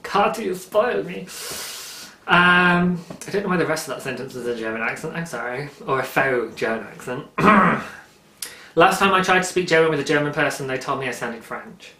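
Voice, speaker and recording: A man in his thirties hosting a knitting podcast, talking quickly and excitedly, with frequent laughs. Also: mid-range voice. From United Kingdom. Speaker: podcast host. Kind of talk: casual knitting podcast chat. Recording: roomy, echoey room.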